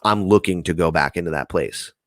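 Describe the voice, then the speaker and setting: A young man from New Jersey, telling a story in casual podcast chat, animated and swearing freely as he acts out the voices of people in it. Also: deep voice, fairly quick, dry recording.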